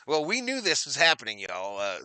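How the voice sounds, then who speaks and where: Bright-voiced chatty man hosting a stream. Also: mid-range voice, huge pitch swings, brisk, no room sound. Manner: chatty, reads viewer comments, repeats phrases, addresses chat as y'all. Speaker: watch party stream host. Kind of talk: casual live-stream chat with play-by-play.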